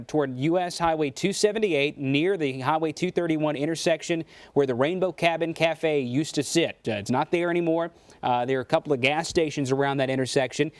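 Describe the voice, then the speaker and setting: A man's voice: fairly high pitch, no echo. A man working as a TV meteorologist, urgently and methodically walking viewers through a tornado's path during live coverage. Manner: urgent, methodical, many fillers. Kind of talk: live severe weather coverage.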